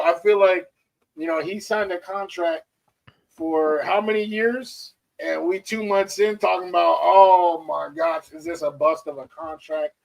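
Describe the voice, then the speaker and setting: A man with a notably high voice talks sports with energy, pressing his points hard and picking up speed when excited. His tone is casual and emphatic, like a fan making his case. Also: vocal fry, poor audio. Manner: animated, emphatic. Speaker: co-host, Mets fan.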